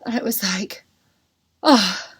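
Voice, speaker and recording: A woman's voice: mid-range voice, moderate pace, dry recording. Candid woman telling her story. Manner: candid and emotional, heavy use of "like" and "you know". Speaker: podcast host. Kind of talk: personal storytelling.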